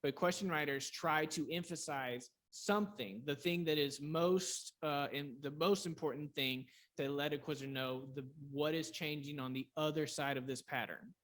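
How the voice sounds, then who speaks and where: A man coaching quiz teams in a workshop, energetic and quick to restart sentences while firing example questions. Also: on the high side. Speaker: quiz coach leading a clinic.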